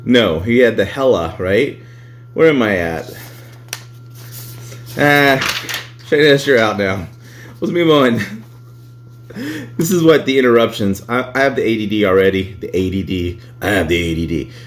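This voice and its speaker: Laughing, animated man reading reviews. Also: on the low side, unhurried, long pauses, a little hiss or hum. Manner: laughs a lot, swears freely, animated. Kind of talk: casual vlog chat.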